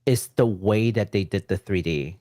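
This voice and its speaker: A man co-hosting a casual video game podcast, chatty and quick to chime in with short agreements. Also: on the low side, mellow, no echo, studio quality. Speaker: podcast co-host. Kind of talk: casual chat about video games.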